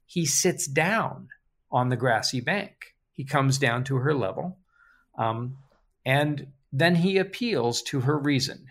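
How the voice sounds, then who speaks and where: Relaxed man summarizing a book chapter. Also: mid-range voice, measured pace. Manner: relaxed, chuckling, reads quotes with animated emphasis. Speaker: book discussion host.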